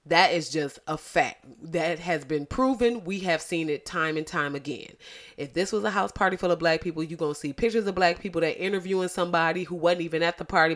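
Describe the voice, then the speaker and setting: Podcast host, woman, lisp, lower voice, blunt and profane, lively delivery. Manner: animated, blunt and profane, addressing listeners as y'all. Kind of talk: casual podcast commentary.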